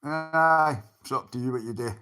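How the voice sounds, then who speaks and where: A man's voice: medium pitch, moderate pace, sharp tone, soft background music. A Scottish man on a livestream, talking bluntly and swearing often as he answers people in his chat.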